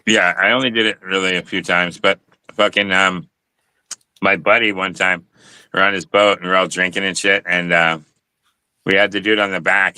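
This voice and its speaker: A man hosting a casual chat, telling laid-back, profane stories with frequent halting pauses. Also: deep voice, pushed and bright, no room sound. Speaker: host.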